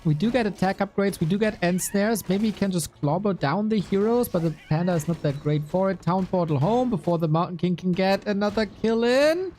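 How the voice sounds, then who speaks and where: A man giving playful live commentary on a strategy game match, with quick asides. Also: sits high, a little mellow, a little hiss or hum. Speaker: esports commentator.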